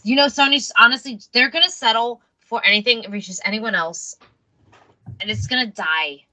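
Casting: female podcast co-host, very bright and sharp voice, matter-of-fact with dry asides. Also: on the high side, normal speed, rough recording. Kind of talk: casual chat.

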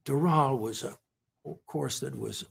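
Male interview guest from California: husky, earnest, stumbles and repeats himself. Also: mid-range voice. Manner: halting, repeats words, many fillers. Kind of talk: heartfelt conversational praise.

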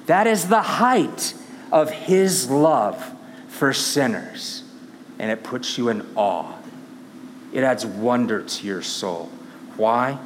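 A man's voice: mid-range voice, lively intonation, slow, slight background noise. Preaching man in a reverberant church hall. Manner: dynamic preaching, swings from hushed to emphatic. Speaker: pastor. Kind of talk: sermon. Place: church sanctuary.

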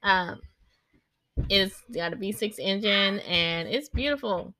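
A woman's voice: mid-range voice, slow, sharp tone, no room sound. A woman in her thirties chatting casually about family life, rambling and breaking off now and then to direct her kids. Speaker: mother recording a podcast vlog. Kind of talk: casual personal chat.

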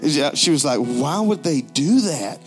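A man in his forties preaching a sermon in a joking, conversational way, low on strength and not raising his voice. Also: animated, unhurried, faint music behind. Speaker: pastor.

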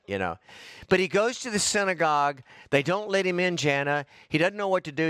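A middle-aged man preaches a fervent sermon, breaking into exclamations of praise. His voice sits fairly high for a man, and the recording is dry and close, with little room sound. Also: fairly bright tone, no echo. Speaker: pastor.

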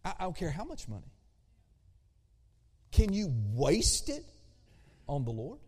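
A man preaching a sermon as a pastor, animated, swinging between loud emphasis and hushed asides. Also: high voice, a little slow, breathy edge. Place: church sanctuary. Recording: long hall reverb.

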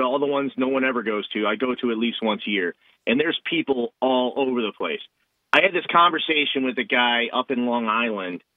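A man's voice: medium pitch, no room sound. A male podcast co-host talking politics casually, emphatic and rambling, on tinny phone-like audio.

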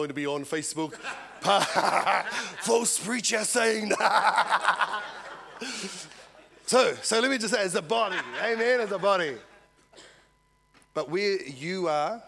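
A man preaching a sermon, telling a story and swinging from loud to hushed. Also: fairly high pitch. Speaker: visiting preacher.

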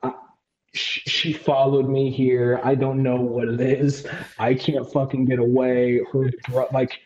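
A man's voice: mid-range voice, a little mellow, lightly acted. A man voicing a nervous, weary male professor who hesitates and confides, swearing as he goes. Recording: roomy, dull lo-fi sound.

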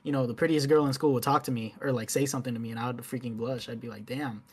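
A man in his twenties in casual podcast chat, relaxed and reflective, laughing easily. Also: mid-range voice, rapid-fire, slightly rough.

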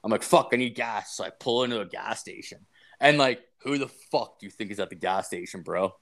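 A man's voice: on the low side, a little fast, creaky. A young man telling a story in casual chat, swearing constantly and full of fillers. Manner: crude, swearing constantly, filler-heavy, animated retelling.

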